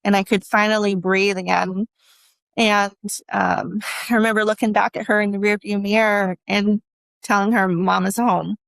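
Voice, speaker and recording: A woman giving emotional personal testimony as an interview guest, speaking earnestly and haltingly with many restarts. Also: medium pitch, level tone, gravelly, fairly bright tone, no room sound.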